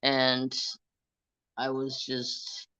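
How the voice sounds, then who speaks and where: Bright-voiced laid-back male streamer. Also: medium pitch, monotone, drawn-out words, clear, resonant tone, dry recording. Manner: laid-back storytelling, swears and laughs often. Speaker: livestream crafting host. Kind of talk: casual live-stream chat. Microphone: phone. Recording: dull lo-fi phone live stream.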